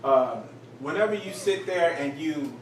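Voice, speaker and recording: Male group leader, lively storyteller, slightly high voice, picked up from a distance in an echoey, noisy room. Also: a little slow. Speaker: teacher leading a group study. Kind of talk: casual group teaching.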